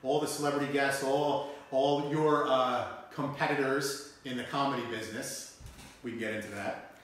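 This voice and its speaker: Brief: New man, show host, loose and rambling, salty language, mid pitch, very echoey room. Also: fairly even intonation, normal speed, a bit bright. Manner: loose, rambling, swears freely. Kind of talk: casual live-stream chat.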